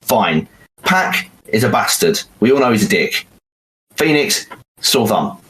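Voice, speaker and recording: A British man co-hosting a wrestling podcast in casual chat, animated and rambling with fillers. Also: lowish voice, measured pace, poor audio. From United Kingdom. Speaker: podcast co-host.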